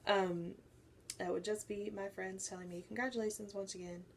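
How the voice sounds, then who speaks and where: A young woman, a faith vlogger, shares a personal testimony to camera, telling her story animatedly and acting out the voices of people she quotes. She has a mid-range voice and a moderate pace, with slight background noise.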